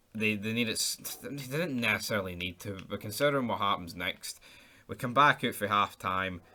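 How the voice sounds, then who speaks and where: A young man giving an excitable, sweary, chatty football match review as host of his own channel. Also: fairly low pitch.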